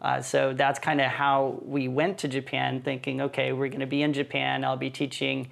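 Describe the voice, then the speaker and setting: A man who is a missionary and church planting team leader, telling his story in a relaxed, easygoing way on a podcast. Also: medium pitch, moderate pace, vocal fry. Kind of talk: casual podcast conversation.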